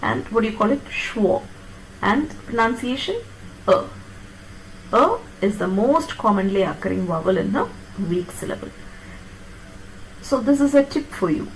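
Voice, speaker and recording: A woman lecturing on phonetics, explaining step by step and checking that her students follow with quick tag questions. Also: on the high side, sing-song, a little hiss or hum, low-quality recording. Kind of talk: classroom lecture on pronunciation.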